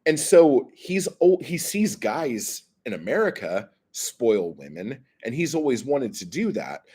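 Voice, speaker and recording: A man's voice: mid-range voice, big pitch swings, a little slow, mellow, breathy edge. A man hosting a livestream, ranting in a profane, exasperated way and reacting to chat comments. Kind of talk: heated livestream rant.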